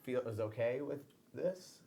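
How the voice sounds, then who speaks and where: A man co-hosting a casual podcast, probing and teasing his friends in quick banter. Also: medium pitch, expressive, creaky, warm tone, slight background noise. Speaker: podcast co-host. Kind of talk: casual chat.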